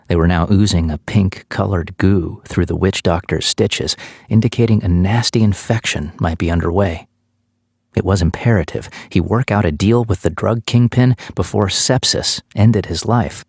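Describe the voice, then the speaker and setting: Male audiobook narrator, low voice, steady measured read, dry close mic. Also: husky, dry recording.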